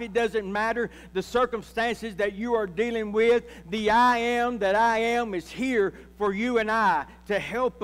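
A man's voice: sits high, in a large hall. A man, a pastor, preaching a sermon and calling out to his congregation. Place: church sanctuary.

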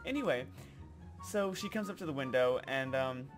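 A young man vlogging casually, telling a work story in an animated way and acting out customers in exaggerated voices. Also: mid-range voice, normal speed, music in the background.

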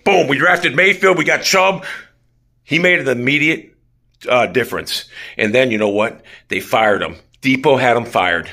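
A man's voice: a little high, sharp tone. A man giving an angry, profane fan rant, furious and swearing constantly as he tears into his team. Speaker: sports fan commentator.

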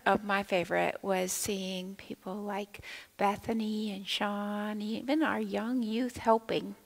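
A woman storyteller at children's time in a church, with a mid-pitched voice that has a gravelly edge. She keeps the children involved by asking them questions and sometimes lowers her voice to a whisper for effect. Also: poor audio. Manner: animated, asks the children questions, drops to a whisper at times. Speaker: children's minister. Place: church sanctuary.

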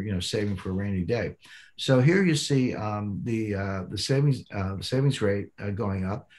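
An older man walks through economic charts in a measured, explanatory tone. His voice sits on the lower side, and he often pauses with ums and restarts his sentences. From United States. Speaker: economic commentator.

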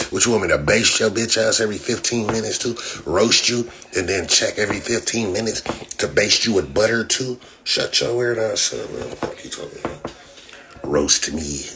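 A man's voice: lowish voice, a little fast. Brash profane man ranting on a livestream. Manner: brash, profane, mocking trash talk. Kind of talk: livestream rant. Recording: noisy phone livestream audio.

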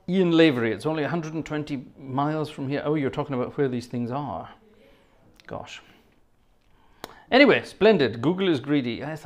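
A middle-aged man with a posh Scottish accent, chatting casually with viewers on a livestream and thanking them effusively. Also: on the high side. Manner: chatty, effusive, quick thanks like 'gosh' and 'splendid'. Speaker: livestream host and organist. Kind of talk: casual livestream chat reading the chat.

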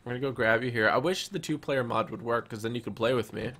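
A man hosting a live gameplay stream, energetic and excitable, often repeating his phrases. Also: mid-range voice, quick pace. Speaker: gaming channel host.

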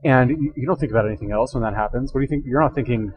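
A man's voice: mid-range voice, very fast, lo-fi sound, slight background noise. A man hosting a reaction video, thinking aloud in casual commentary, rambling and correcting himself as he goes, speaking into a headset.

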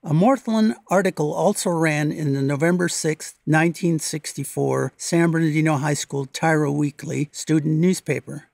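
Gravelly man narrating a documentary. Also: fairly high pitch, no room sound, clean studio sound. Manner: measured, even read-aloud delivery. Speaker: local history narrator.

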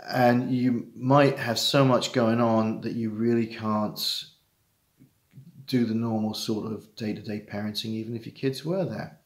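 A middle-aged man with an earnest, halting manner, talking straight to fellow fathers in a heartfelt personal monologue. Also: lowish voice, steady tone, echoey room. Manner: earnest, halting, with many restarts and repetitions. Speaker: father giving advice to estranged dads.

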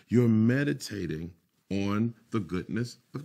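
A male pastor preaching a sermon, slowing down for emphatic phrases and repeating key lines, dropping into quick muttered asides. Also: fairly low pitch, animated, dark tone.

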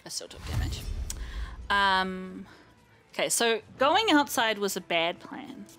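A woman co-hosting a let's play, chatting casually and excitedly while playing. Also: medium pitch, slow, music in the background. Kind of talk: casual gameplay chat.

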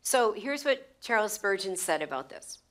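Woman Bible teacher, plain mid-pitched voice, chatty and repetitive, keeps checking in with "right?" and "okay?". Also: very animated, moderate pace. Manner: repeats phrases for emphasis, checks in with "right?" and "okay?"; conversational, with stumbles and restarts.

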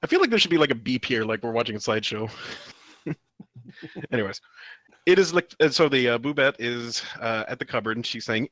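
A man's voice: mid-range voice, expressive, brisk, long pauses, a bit bright, no room sound. A man co-hosting a comedy podcast, reading a webcomic aloud with frequent giggles and silly voices. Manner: giggly, reads out panel dialogue in silly voices. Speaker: podcast co-host.

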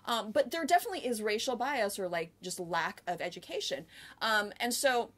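An American woman co-hosts a podcast, talking earnestly and at length in casual conversation, explaining with lots of "like" and often asking "right?". Her mid-range voice is expressive and fairly bright, at a moderate pace.

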